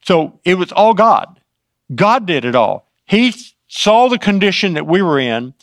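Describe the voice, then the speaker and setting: A man's voice: high voice, sing-song, a little slow, fairly bright tone, no room sound, studio quality. A man teaching from the Bible in an informal way. He adds his own asides as he retells scripture.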